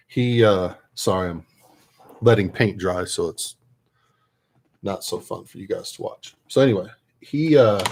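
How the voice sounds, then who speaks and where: Guy with a lowish voice chatting at his paint desk, rambly, keeps restarting, chuckles here and there. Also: a little mellow. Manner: rambling, self-interrupting anecdotes with chuckles. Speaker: miniature painter and tabletop gamer. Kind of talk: casual storytelling while painting.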